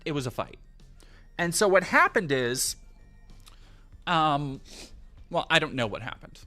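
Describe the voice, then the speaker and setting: A young man tells a long story on his stream, swearing freely and rambling as he goes. His voice sits a little high and bright, and it swings widely in pitch. Soft music plays behind him. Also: measured pace. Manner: rambling, profane, animated. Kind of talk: casual storytelling on a livestream.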